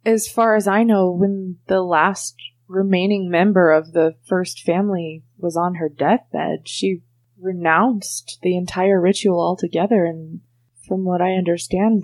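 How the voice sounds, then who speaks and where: Slow-paced woman narrating a tabletop game. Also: lowish voice, steady tone, darkish tone. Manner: slow, measured storytelling. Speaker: game master.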